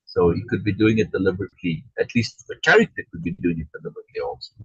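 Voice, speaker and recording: Reading out chat comments and asking "right?" as he goes, a man runs an online Shakespeare reading group, restarting often in casual explanation. He talks rapid-fire in a lowish, sing-song, gravelly voice that's fairly bright and slightly rough. The video-call audio is lo-fi with no echo.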